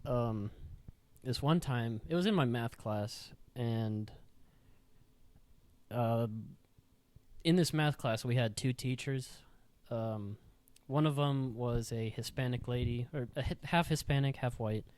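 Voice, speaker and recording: A man's voice: medium pitch, slow, a little mellow, dry recording. A young man hosting a podcast, telling school stories in a rambling, profane, filler-heavy way in a studio. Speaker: podcast host. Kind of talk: casual storytelling.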